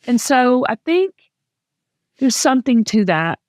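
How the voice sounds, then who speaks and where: A middle-aged woman with a Southern US accent, hosting a podcast in a chatty, animated storytelling way. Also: a little high, measured pace, pauses often, no echo, studio quality. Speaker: podcast host. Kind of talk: casual chat.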